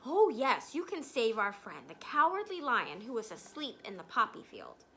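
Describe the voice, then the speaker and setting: A woman's voice: on the high side, huge pitch swings, moderate pace, pushed and bright, a little hiss or hum, heavily acted. Woman reading as an eager, friendly scarecrow.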